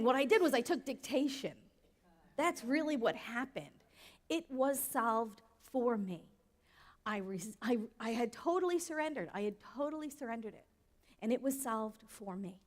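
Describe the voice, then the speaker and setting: A woman minister giving a sermon in a conversational way, often asking the audience questions. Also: on the high side. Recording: long hall reverb.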